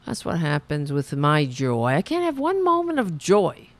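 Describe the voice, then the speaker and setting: A woman hosting a livestream show, telling stories in a sarcastic, animated way with casual profanity. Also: low-pitched, moderate pace. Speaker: show host.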